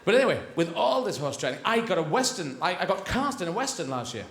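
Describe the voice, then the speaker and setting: A male stand-up comedian working a big theatre crowd, his voice lively and a touch high. He keeps dropping into different voices, and the live hall adds a roomy echo with faint noise behind. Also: fast. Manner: animated, switching voices. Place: large theatre stage. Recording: echoey live theatre recording.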